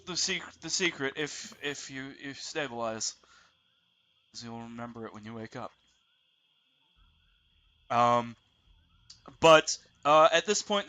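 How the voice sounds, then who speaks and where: A man with a bright, clear-edged voice narrates a tabletop game as its game master. He talks in a relaxed way and thinks aloud as he sets the scene. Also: mid-range voice, slight background noise.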